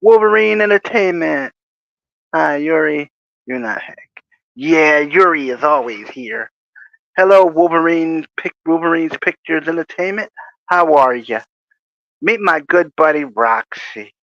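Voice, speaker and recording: A man's voice: a little high, animated, measured pace, creaky, a bit bright, dry recording. A man hosting a casual livestream, rambling through jokey stories with chuckles. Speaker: livestream host. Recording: dry, muffled lo-fi audio.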